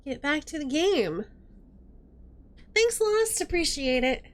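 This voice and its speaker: A woman's voice: sits high, very animated, slow pace. A woman streaming a video game, chatting casually and thinking aloud as she plays.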